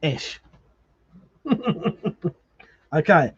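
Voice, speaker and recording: A man's voice: very slow, dull audio. A man hosting a casual live stream, arguing animatedly, swearing freely and reading viewer comments aloud. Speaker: livestream host.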